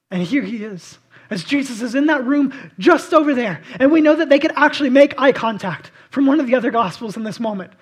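A man preaching a sermon, swinging between loud impassioned outbursts and hushed, intimate reflection. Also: very high voice, lively intonation, brisk, husky. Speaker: pastor.

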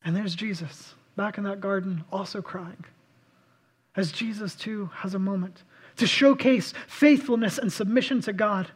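A man preaching a sermon, swinging between loud impassioned outbursts and hushed, intimate reflection. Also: high-pitched, normal speed, breathy edge. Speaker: pastor.

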